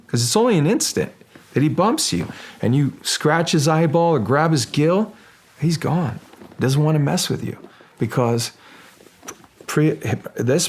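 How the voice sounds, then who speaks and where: A middle-aged man, an actor guest in a casual interview, speaking with a husky voice, often restarting his sentences and growing lively as he tells a story. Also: fairly high pitch. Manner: halting, restarts often, grows animated while telling a story.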